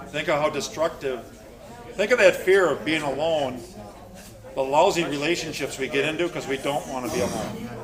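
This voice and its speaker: A man leading a recovery class, telling personal stories in a joking, conversational way and putting questions to the group. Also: a little high.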